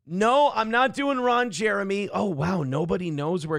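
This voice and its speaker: A man's voice: high-pitched, expressive, unhurried, fairly bright tone, no echo, studio quality. A man hosting a live-stream talk show, speaking in a sarcastic, rambling way with many fillers while he reads out viewer chat.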